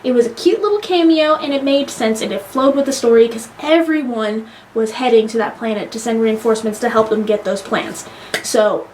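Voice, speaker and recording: Young woman, high voice, gushing fangirl energy, swears a lot; casual vlog reviewer. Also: a little fast, a little hiss or hum. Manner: excitable, gushing, swears freely. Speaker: movie reviewer.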